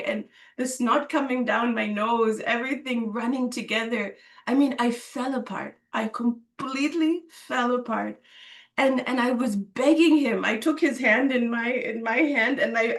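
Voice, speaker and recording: Woman guest, emotional, laughing storyteller, fairly high voice, a little distant from the mic. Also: creaky. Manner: emotional, laughing, many fillers and restarts. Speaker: interview guest. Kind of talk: personal storytelling.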